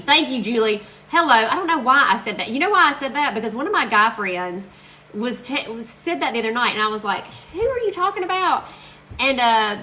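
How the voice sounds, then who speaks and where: A woman's voice: medium pitch, pushed and bright, slight background noise, low-quality recording. A woman chatting casually and gushing to viewers while crafting on a live stream. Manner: chatty, gushing, quick to laugh.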